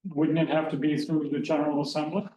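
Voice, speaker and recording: Council member asking blunt questions, distant. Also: male voice, on the high side, flat delivery, fast talker, warm tone. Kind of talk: questioning at a public meeting. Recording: echoey, distant hall audio with faint noise.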